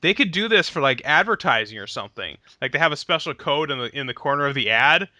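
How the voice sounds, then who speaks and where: A man's voice: a little high, expressive, fast talker, sharp tone, dry recording. Young man, podcast host, enthusiastic, laughs often, dry close sound. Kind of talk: casual gaming podcast chat.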